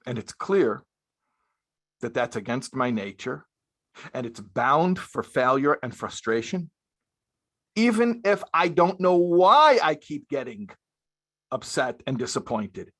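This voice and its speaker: A male rabbi delivering a spoken lecture. He presses his points by repeating them and sprinkles in Hebrew and Yiddish terms. His voice sits at an everyday middle pitch. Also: big pitch swings, slow, long pauses, fairly bright tone. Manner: emphatic, repeats key phrases, uses Hebrew and Yiddish terms. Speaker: rabbi lecturing young married men. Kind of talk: spoken sermon-style lecture.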